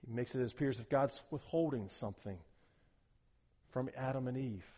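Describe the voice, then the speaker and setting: A man's voice: medium pitch, moderate pace, warm tone, breathy edge, long reverb tail. A pastor preaching a sermon, emphatic and repeating words as he builds each point.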